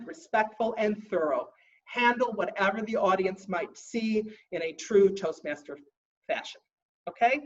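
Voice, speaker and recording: Woman trainer, fussy and emphatic, briefing a group; mid-pitched voice, distant muffled audio. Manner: emphatic, slows down to stress points; self-described fussy stickler. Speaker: contest trainer.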